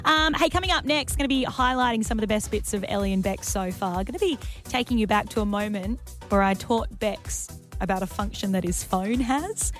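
An Australian woman co-hosting a breakfast radio show, giggly and self-mocking, quick to laugh at her own slips. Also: mid-range voice, soft background music. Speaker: radio co-host. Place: radio studio.

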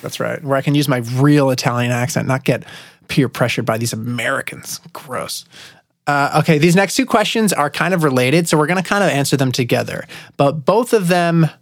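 A man's voice: on the high side, fairly quick, no room sound, studio quality. A man hosting a podcast, joking around and reading out listener questions. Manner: joking, self-mocking. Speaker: podcast host.

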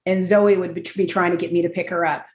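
A woman's voice: lowish voice, flat delivery, quick pace, echoey room. A woman chatting casually as a guest, self-deprecating and laughing often as she talks. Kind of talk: casual chat.

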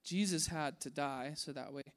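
High-voiced animated young preacher. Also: male voice, normal speed, long reverb tail. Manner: animated, acts out voices in his story, drops to a hush at key points. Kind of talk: casual sermon. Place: large room with an audience.

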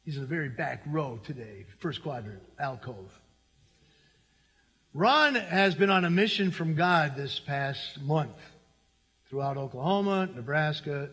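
A man's voice: fairly high pitch, lively intonation, moderate pace, fairly bright tone, long reverb tail. A middle-aged man pastor preaching a sermon in a church, talking conversationally and turning to the congregation with asides. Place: church sanctuary.

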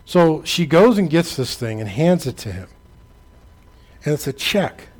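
A man's voice: a little high, sing-song, unhurried. A male pastor delivering a sermon, preaching in a rhythmic, emphatic way and telling stories to make his point.

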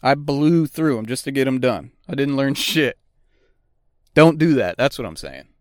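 A man's voice: medium pitch, lively intonation, moderate pace, dry recording, studio quality. A middle-aged man hosting a podcast, talking bluntly and swearing constantly in a casual monologue. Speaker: podcast host; auto technician.

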